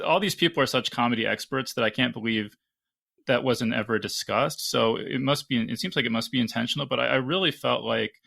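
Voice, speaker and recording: Male host, gravelly and forceful, musing and restarting mid-thought in a casual panel. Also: mid-range voice. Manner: thinking aloud with frequent restarts.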